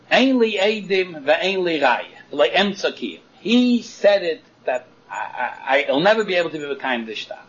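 A man teaching a Talmud lesson in a lively chanting singsong, arguing both sides of a case in the first person. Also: high-pitched. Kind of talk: Talmud study lecture. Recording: dull lo-fi recording.

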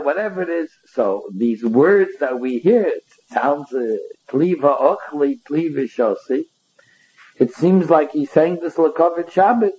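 A man's voice: on the high side, expressive, normal speed, darkish tone, lo-fi sound. A man teaching a Talmud study lesson, reading passages aloud and explaining them line by line.

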